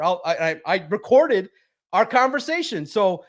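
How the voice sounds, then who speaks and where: A high-energy man, a sports writer guest, telling a lively story and acting out the voices in it. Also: normal speed. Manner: high-energy, acts out quotes loudly. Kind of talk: animated storytelling.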